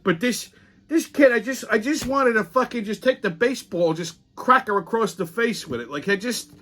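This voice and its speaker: Middle-aged male host, crude and rambling, voice on the high side. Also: animated, moderate pace, a bit bright. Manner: crude, rambling, swears constantly, acts out quotes. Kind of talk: profane storytelling rant.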